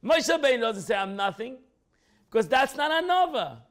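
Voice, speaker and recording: High-pitched, animated rabbi teaching a class. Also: male voice, fast talker. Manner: acts out quoted speech with pitch jumps, repeats phrases.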